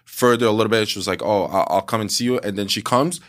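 Animated man telling stories, filler-heavy. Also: lowish voice, fast. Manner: animated storyteller, acts out quotes, many "like" fillers. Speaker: podcast co-host. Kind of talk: casual podcast storytelling.

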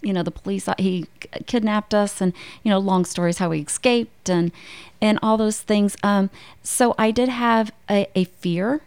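Candid woman with a smooth, gravelly voice. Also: mid-range voice, moderate pace, darkish tone. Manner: candid, storytelling. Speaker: guest author. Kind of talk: casual faith conversation.

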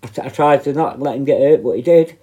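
A man's voice: medium pitch, fast, mellow, lo-fi sound. A middle-aged man, a former prison officer, ranting bluntly and confrontationally straight to camera, full of swearing. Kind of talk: angry direct-to-camera rant.

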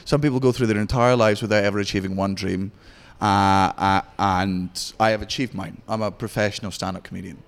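A Scottish man in his thirties, a stand-up comedian in interview who talks in a profane, rapid storytelling way. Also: on the low side, fairly even intonation, vocal fry, long reverb tail. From Scotland. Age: 30s. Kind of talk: candid interview chat.

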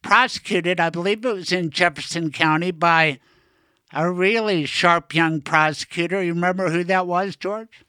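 A man from Colorado hosting an interview, talking in a quick, chatty way and cutting in to add his own points. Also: sits high, bright, forceful tone, clean tone, no room sound. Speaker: podcast host, lawyer. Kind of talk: conversational interview.

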